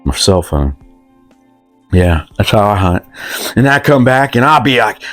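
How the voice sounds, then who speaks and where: A man's voice: mid-range voice, lively intonation, normal speed, no room sound, faint music behind. A man, telling a rambling, self-deprecating comic story in loose country talk. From West Virginia, USA. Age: 50s. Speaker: comedic storyteller.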